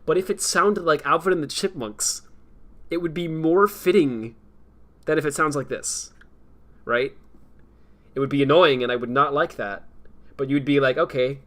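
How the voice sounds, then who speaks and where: A man's voice: a little high, normal speed, pauses often, fairly bright tone. A young man chatting casually on a stream, rambling and laughing often. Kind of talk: casual chat.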